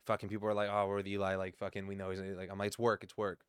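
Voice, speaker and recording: A man's voice: deep voice, completely flat delivery, very fast, clear, resonant tone, dry recording, studio quality. A man in his thirties telling loose, profane stories as a podcast guest in casual conversation. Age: 30s. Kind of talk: casual chat.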